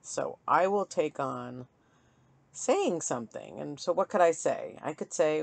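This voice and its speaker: Woman, middle-aged, low voice, casual self-deprecating vlog host, dry close sound. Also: animated, a little slow, gravelly, no room sound. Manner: chatty, self-deprecating, laughs often. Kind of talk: candid solo vlog.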